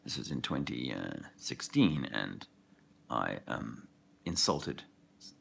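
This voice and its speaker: A man's voice: extremely low pitch, vocal fry, a bit bright, slight background noise. A man talking in a rambling casual monologue as an activist video host, often losing his thread.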